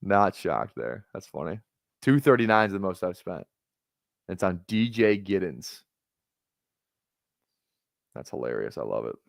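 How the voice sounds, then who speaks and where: Rambling, excitable man on a live stream. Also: low-pitched, a little slow, creaky, long pauses, no room sound, studio quality. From Minnesota, USA. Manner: rambling, excitable, profane rants with filler words. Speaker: fantasy football streamer. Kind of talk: casual live-stream chat while drafting.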